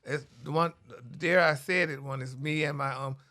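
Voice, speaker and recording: A middle-aged man, a radio personality, chatting in a sassy, animated way and calling everyone honey. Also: on the high side, moderate pace. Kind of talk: casual interview chat.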